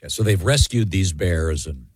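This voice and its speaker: A man's voice: low voice, animated, normal speed, breathy edge, no echo, clean studio sound. A man co-hosting a talk show, bantering enthusiastically and laughing often. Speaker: radio show co-host. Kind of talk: casual banter.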